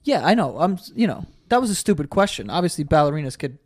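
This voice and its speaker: A young man co-hosting a podcast in casual chat, talking fast and cursing freely. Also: a little high, very animated, darkish tone. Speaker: podcast co-host.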